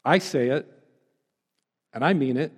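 A man's voice: medium pitch, unhurried, slightly rough, big-room sound. A man preaching a sermon as a pastor, earnest and pleading, drawing out the words he stresses.

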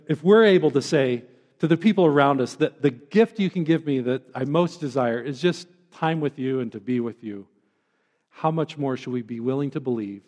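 A man's voice: mid-range voice, darkish tone, in a large hall. A man preaching a sermon as a pastor, earnest and pleading, drawing out the words he stresses.

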